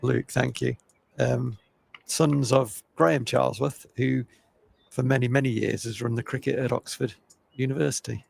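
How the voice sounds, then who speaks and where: An older man giving chatty, opinionated live cricket commentary, with a gravelly voice. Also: medium pitch, steady tone, moderate pace, a little mellow, a little hiss or hum. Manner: chatty, opinionated, self-deprecating.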